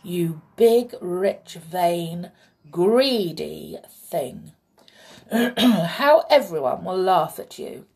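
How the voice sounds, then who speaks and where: A woman voicing a stern, scornful little man who plays the flute, speaking firmly and loudly. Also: on the low side, lively intonation, drawn-out words, gravelly, heavily acted. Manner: firm and scornful.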